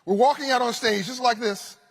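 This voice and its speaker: Male forum host, high-pitched, telling funny stage anecdotes in a big echoing hall. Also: brisk, gravelly. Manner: animated anecdotal storytelling with humor. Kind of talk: storytelling keynote speech. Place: conference stage. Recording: reverberant conference hall.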